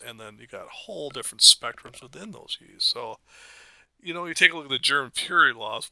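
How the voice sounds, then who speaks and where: A middle-aged American father co-hosting a podcast chats casually, rambling through stories and laughing often. His mid-range voice is creaky with a sharp tone, and the recording is dry.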